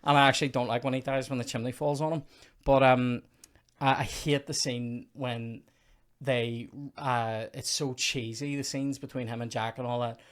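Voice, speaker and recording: A man's voice: mid-range voice, flat delivery, normal speed. Man ranting comically about films. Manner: exasperated, ranting, mock-outraged. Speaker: comedy podcast host. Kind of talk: casual comedic film rant.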